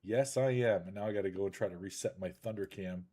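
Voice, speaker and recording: A man's voice: on the low side, fast. A man hosting a casual live chat show over a video call, joking and rambling, sounding a little congested. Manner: lively, jokey, rambling. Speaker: podcast host.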